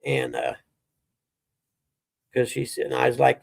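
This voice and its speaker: A man's voice: medium pitch, huge pitch swings, moderate pace, long pauses, no echo. A middle-aged man, telling rambling stories as a livestream host in casual chat. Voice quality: gravelly, husky. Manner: rambling, laid-back storytelling.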